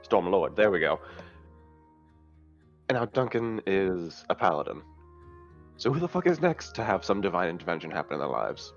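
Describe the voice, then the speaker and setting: Low, sardonic man on dull audio. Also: sing-song, moderate pace, long pauses, soft background music. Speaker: player. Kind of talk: casual tabletop play.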